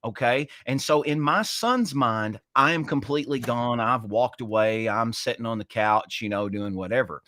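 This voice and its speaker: A man in his forties co-hosting a casual chat, telling a story with passion and sharp emphasis. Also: medium pitch, normal speed, hardly any pauses, dry recording, clean studio sound. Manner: impassioned, storytelling with emphatic swings. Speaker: co-host.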